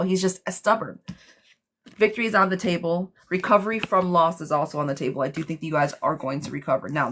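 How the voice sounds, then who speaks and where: A woman's voice: on the low side, a bit bright. A woman giving a live-streamed tarot reading in a chatty, blunt way, speaking straight to the viewer. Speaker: tarot reader.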